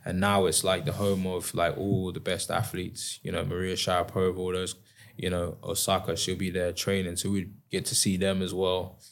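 A man talking casually as an interview guest, relaxed and rambling with lots of fillers. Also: low voice, moderate pace, vocal fry. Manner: relaxed, rambling, many fillers, laughs often. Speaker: guest, professional athlete.

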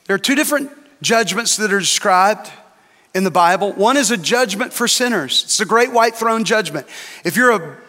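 A man's voice: high-pitched, expressive, moderate pace, sharp tone, long reverb tail. A man, a lead pastor, preaching a sermon with emphatic, dramatic repetition.

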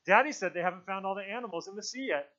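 A man voicing an excitable schoolboy who rambles and tumbles over his words, pitched higher and louder than his own reading voice. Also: a little fast. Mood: excited. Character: chatty excitable schoolboy, boy. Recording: dull lo-fi recording.

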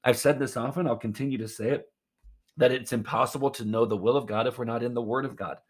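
A man's voice: medium pitch, steady tone, fast, slightly rough. A man preaching a sermon in an earnest, emphatic way, often calling his listeners friends. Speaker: pastor.

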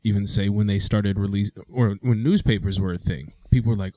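A man's voice: lowish voice, fairly even intonation, a little fast, hardly any pauses, warm tone, no echo. A man co-hosting a casual podcast chat, talking animatedly and acting out quoted voices. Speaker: podcast co-host.

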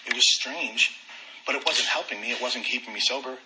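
A man candidly telling his own recovery story, animated and self-deprecating. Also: mid-range voice, a little fast, background noise. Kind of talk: personal testimony talk.

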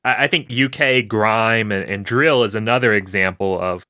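A man's voice: on the low side, moderate pace, pushed and bright, no echo, clean studio sound. A man from the United States hosting a podcast, chatting in a musing, easygoing way. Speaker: podcast host. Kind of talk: casual podcast chat.

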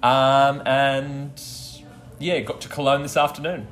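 A man from Australia with an Australian accent, a tourist chatting casually in a pub, relaxed and easygoing. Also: mid-range voice, slow, faint music behind, poor audio. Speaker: guest, tourist. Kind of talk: casual chat. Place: busy pub.

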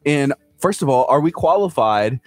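A man co-hosting a morning show, telling stories with lively energy and putting on voices for the people in them. His voice sits in the middle range and sounds close and dry, with faint music underneath. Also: medium pitch, moderate pace, no echo. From Houston, Texas. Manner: animated storyteller, acts out quoted people. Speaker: radio co-host. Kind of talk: casual morning show banter.

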